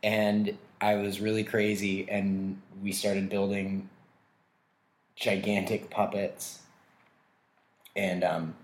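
A man's voice: fairly low pitch, level tone, slow, long pauses. Rambling, laughing man in an echoey room. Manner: rambling, laughs often, self-deprecating. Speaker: street performer. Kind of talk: casual interview.

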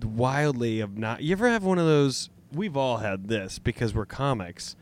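Male comedian guest, middle pitch, lively intonation, rambling, self-mocking. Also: normal speed. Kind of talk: casual chat.

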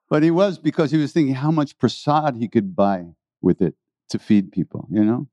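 A man telling rambling, animated stories to an audience as a spiritual teacher, often laughing. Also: mid-range voice, a little slow, pauses often, dry recording, dull audio. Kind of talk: storytelling talk to an audience.

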